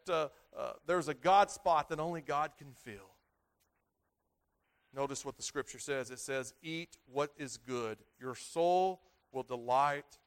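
A man's voice: medium pitch, fairly bright tone. Earnest man in his thirties preaching. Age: 30s. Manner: earnest, repetitive preaching with swells of emphasis. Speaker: pastor. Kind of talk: sermon.

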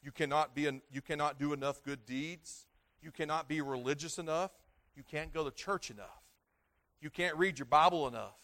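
A man preaching a sermon, repeating himself and restarting phrases, swinging between loud stresses and quiet, low endings. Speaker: pastor.

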